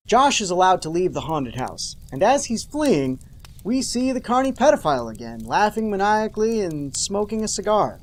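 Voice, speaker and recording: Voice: medium pitch, very animated, moderate pace. A show host giving a comedic, sarcastic recap of a TV episode, with mock-dramatic outbursts and jokey asides to the viewers.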